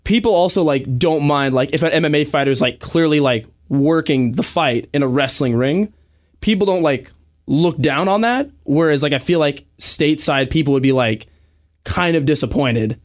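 A man's voice: a little high, normal speed. A man, a guest pro wrestler, chatting casually and telling stories with lots of fillers. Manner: animated storytelling, many fillers and laughs. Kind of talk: casual podcast chat.

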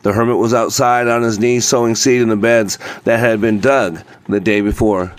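A man narrating a folk tale aloud in a measured, steady reading voice, slowing down in places. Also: on the low side, no echo. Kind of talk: scripted storybook narration.

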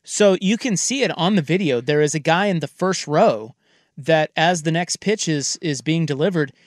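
A man hosting a casual sports talk show, telling stories in a relaxed way and laughing easily. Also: on the high side, moderate pace, dry recording, clean studio sound.

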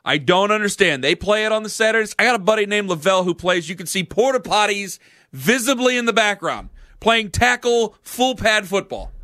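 A man in his thirties hosting a sports talk radio show, animated, self-mocking and earnest, speaking into a studio microphone. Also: high-pitched, brisk, no room sound. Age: 30s.

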